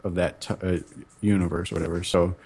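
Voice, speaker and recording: Guy on a panel, lowish voice, keeps stopping and restarting. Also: little pitch movement, gravelly, a little mellow, slight background noise. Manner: halting, full of restarts and fillers. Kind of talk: casual panel chat.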